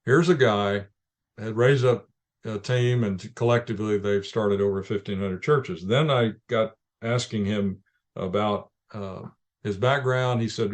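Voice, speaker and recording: A man with a fairly low voice tells stories in an interview. He speaks calmly and in measured anecdotes, often restarting his sentences as he goes. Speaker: ministry leader guest. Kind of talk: interview storytelling.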